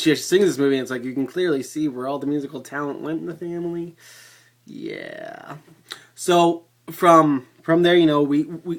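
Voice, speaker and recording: A man giving a casual movie review vlog to a webcam, excitable and rambling, swearing freely. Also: a little high.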